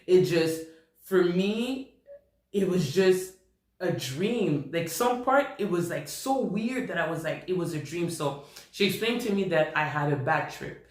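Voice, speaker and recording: Brief: male vlogger, slightly high voice, animated storyteller, echoey room. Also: measured pace. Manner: animated, repeats himself while recounting. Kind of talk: personal storytime. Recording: roomy echo.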